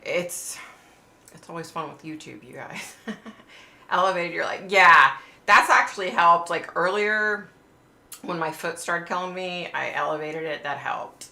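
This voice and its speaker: A woman's voice: fairly low pitch, a little slow, vocal fry, pushed and bright, roomy sound. A middle-aged woman hosting a casual livestream, rambling chattily to her viewers, swearing freely and saying "like" often. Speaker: psychic livestream host.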